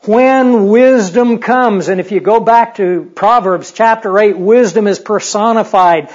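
High-voiced man preaching conversationally. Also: normal speed. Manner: conversational, humorous, rhetorical questions. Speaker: pastor. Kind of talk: sermon. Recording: dull lo-fi recording.

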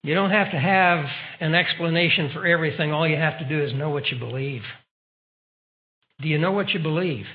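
A man's voice: fairly high pitch, a little fast. A man preaching a sermon in an emphatic style, asking the audience rhetorical questions. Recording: dull lo-fi recording.

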